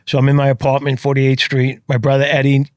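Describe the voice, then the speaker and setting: A man's voice: mid-range voice, monotone, fast talker, a little mellow, no room sound, studio quality. Earnest New York man telling his story. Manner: earnest, emphatic with blunt swearing. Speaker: podcast guest. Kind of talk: casual storytelling.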